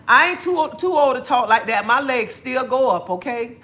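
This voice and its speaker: High, bright-voiced chatty woman. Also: brisk, few pauses. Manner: blunt, chatty, laughs often. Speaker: livestream host. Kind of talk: casual livestream chat.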